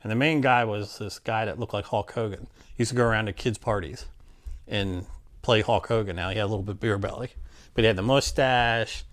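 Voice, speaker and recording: A man with a somewhat low voice tells a personal story in easy, casual speech. He is animated, trails off into fillers and restarts, and puts on quick voices for the people in his story. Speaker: interviewee telling his story.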